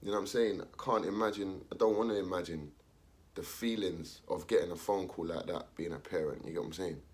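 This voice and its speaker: A man's voice: sits low, fairly quick, darkish tone. A young man, talking casually in street slang, ranting his opinion and acting out the voices of others. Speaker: commentator.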